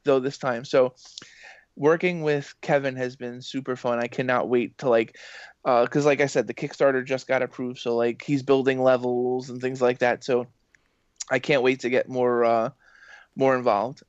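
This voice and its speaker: An excitable man chats his way through long, rambling stories as a podcast guest, filling them with fillers and quick acted-out quotes. His pitch sits in the middle of the range. The sound is dry and a little muffled, with no room around it. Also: smooth, no echo. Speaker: voice actor and games journalist guest. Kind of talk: casual podcast storytelling.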